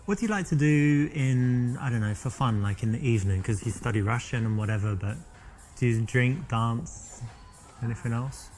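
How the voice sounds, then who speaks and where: A man's voice: mid-range voice, moderate pace, darkish tone, soft background music, natural voice. A man playing a cocky English braggart. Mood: flirty.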